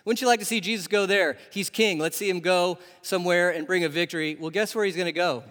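A man delivers a sermon with a fairly high voice that rings through the long echo of a big hall. He keeps turning to his listeners with questions, in an animated, conversational way. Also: quick pace. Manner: animated, asks the audience questions. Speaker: preacher. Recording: long reverb of a large hall.

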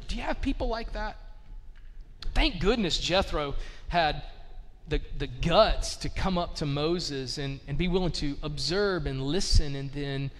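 A man's voice: fairly high pitch, measured pace, a bit bright, long reverb tail, a little hiss or hum. A man preaching a casual, conversational sermon, peppering his talk with "like" and asking the listeners rhetorical questions. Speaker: pastor.

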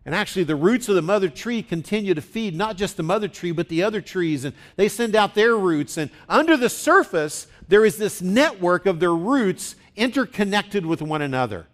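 A man's voice: high-pitched, expressive, fairly quick, few pauses. A middle-aged male pastor preaching a conversational sermon, teaching plainly and leading the congregation to repeat words after him. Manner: conversational, teaching, leads the congregation in call and response.

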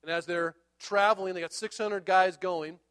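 A man preaching a sermon, telling a Bible story in an animated way and acting out the characters. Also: high-pitched, moderate pace, clear, resonant tone. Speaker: pastor.

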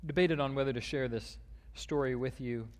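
A man delivers a sermon in a middle-pitched voice, stumbling over fillers and restarts as he works into a long reading. His voice rings with the long reverb of a large sanctuary. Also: normal speed, a little mellow. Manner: reads a long quoted passage aloud, with fillers and restarts. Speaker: pastor.

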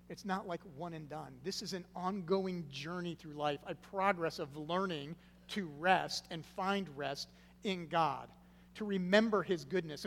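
A man preaching a sermon, stressing key words loudly and then dropping to a hushed, low delivery. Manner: swings from loud emphatic stresses to hushed low phrases. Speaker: pastor. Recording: long reverb with faint hum.

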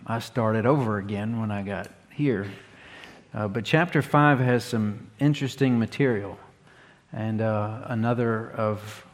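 Man preaching in a reverberant church. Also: mid-range voice. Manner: measured, earnest preaching with questions to the congregation. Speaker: pastor. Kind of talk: sermon. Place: church sanctuary. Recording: long reverb of a church hall.

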